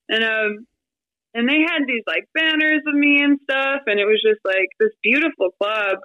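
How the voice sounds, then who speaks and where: A woman in her thirties, a podcast guest, telling her story in a chatty, animated way with lots of fillers and quoted asides. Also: on the high side, normal speed, no echo, highs cut off. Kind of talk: casual storytelling interview.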